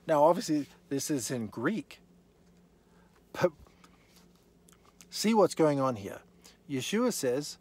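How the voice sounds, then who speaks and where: Husky, emphatic male Bible teacher. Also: fairly high pitch, sing-song, slow, pauses often, darkish tone. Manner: emphatic, rhetorical questions, reads scripture aloud.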